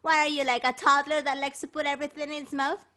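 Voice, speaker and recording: A woman's voice: sits high, flat delivery, quick pace, sharp tone. A woman hosting a bilingual children's show, playful and encouraging as she talks to the kids. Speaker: children's performer.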